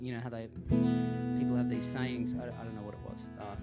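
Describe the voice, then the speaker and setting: A man's voice: medium pitch, fairly even intonation, a little fast, music in the background. A man, a singer-songwriter, telling a rambling, self-deprecating story between songs at a live gig. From Australia.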